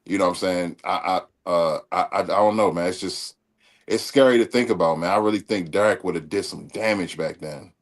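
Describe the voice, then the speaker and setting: Low-voiced man in halting sports banter. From Baltimore area. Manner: profane, halting, many restarts. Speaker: podcast co-host. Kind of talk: casual sports chat.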